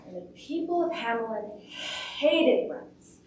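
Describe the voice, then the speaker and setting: Lively high-voiced woman storyteller. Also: slow pace. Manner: lively, dramatic telling with voiced characters. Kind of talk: oral storytelling performance. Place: performance venue. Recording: echoey room from far off.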